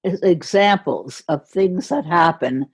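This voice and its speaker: An older American woman telling a story slowly and with care, laughing softly between phrases, as a guest on a podcast. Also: lowish voice, lively intonation, breathy edge. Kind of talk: storytelling in conversation.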